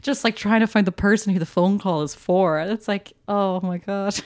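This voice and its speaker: This podcast co-host discusses a film in a chatty, excited way, with frequent laughter and plenty of fillers. Her voice is mid-range and a little mellow, at a normal speed.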